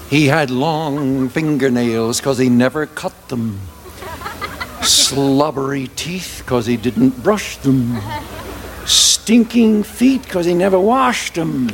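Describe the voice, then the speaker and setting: A man telling a folk tale to a ukulele, animated, with sung refrains and vocal sound effects. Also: on the high side, slow pace, crowd noise, background noise. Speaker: storyteller. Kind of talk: folk tale told to music.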